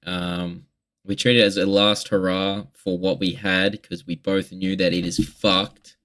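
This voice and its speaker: A man's voice: low-pitched, little pitch movement, a little slow, a bit bright. A young man in a casual confessional vlog monologue, rambling and candid with heavy swearing. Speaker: vlogger.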